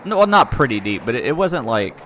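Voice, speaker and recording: A man's voice: medium pitch, sing-song, brisk, a bit bright, slight background noise. A man hosting a stream, casually riffing on a movie with sardonic, crude jokes. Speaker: stream host.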